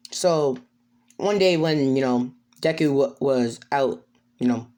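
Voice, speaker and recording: Slow, hesitant woman storyteller. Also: a bass voice, warm tone. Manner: hesitant, many fillers. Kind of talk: improvised fan story narration.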